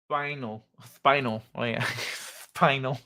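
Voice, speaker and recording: A man hosting a live stream, chatting casually and reading viewer comments in a jokey, animated way, laughing often. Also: medium pitch, slow pace.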